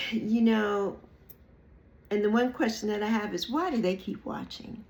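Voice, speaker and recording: A woman's voice: medium pitch, fairly even intonation, measured pace, darkish tone. A woman in her early sixties talking to her viewers, emphatic and repetitive, sometimes mocking people in playful put-on voices. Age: 60s. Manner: emphatic, repeats phrases, mocks others in playful put-on voices. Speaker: YouTube creator. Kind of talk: reflective monologue to camera.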